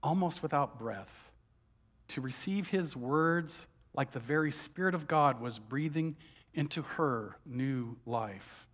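A man telling a story as a first-person dramatic monologue, moving between hushed, heavy lines and heated outbursts. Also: medium pitch, slow.

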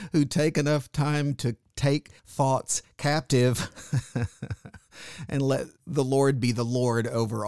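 A man's voice: fairly low pitch, darkish tone, no echo, clean studio sound. A man, a pastor, hosting a Christian radio talk show in an affirming pastoral manner.

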